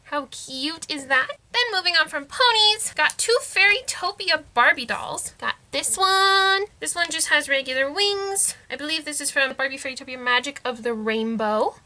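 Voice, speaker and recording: A woman's voice: high-pitched, normal speed, few pauses, bright, forceful tone. A young woman in a casual haul vlog, bubbly and giggly, gushing over toys she found. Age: young adult. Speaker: vlogger.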